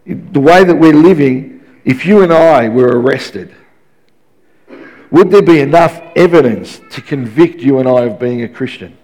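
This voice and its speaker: A man's voice: medium pitch, a little slow, darkish tone. A man in his fifties preaching a sermon in an emphatic, repetitive way, often restarting his sentences.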